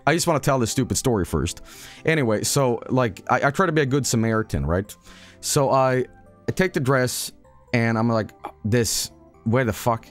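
A man's voice: medium pitch, expressive, moderate pace, soft background music. A man, a streamer casually telling a rambling, self-mocking story.

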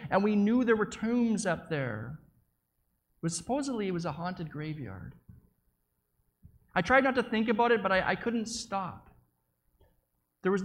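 Here a preacher vividly dramatizes a story he lived through as a witness, his pitch sitting in the middle range. Small slips and repeated words creep into the telling.

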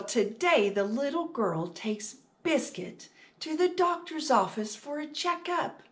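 A woman with a slightly high voice hosts a children's storytime. She reads a picture book in an animated sing-song way and speaks directly to the young listeners.

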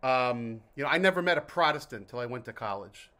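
A man's voice: mid-range voice, animated, a little fast, pushed and bright. A man from New Jersey hosting a casual vlog, reviewing mineral water in a chatty, jokey, self-interrupting way. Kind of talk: casual rambling vlog talk.

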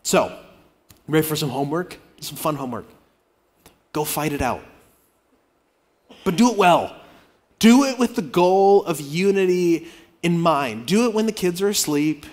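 A male pastor preaching a sermon to his congregation, his voice sitting a bit high for a man. He talks to them conversationally, pushing some lines out loudly and dropping others to near-quiet asides. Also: animated, measured pace, pauses often. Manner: conversational preaching, swings between loud emphasis and quiet asides. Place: church auditorium.

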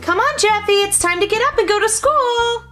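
A woman doing a very high-pitched chiding mom. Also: expressive, a little fast, over music. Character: calm, reasoning adult mother.

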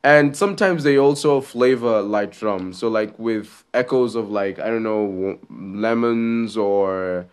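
A man's voice: fairly low pitch, unhurried, few pauses, smooth. A man co-hosting a podcast in casual chat, laughing often and trailing off mid-sentence. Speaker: podcast co-host.

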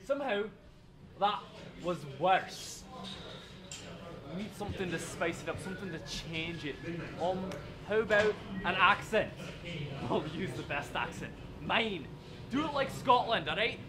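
A man's voice: high voice, lively intonation, measured pace, pauses often, a crowd in the background. A man playing a pompous, bossy film director in a comedy sketch, theatrical and demanding.

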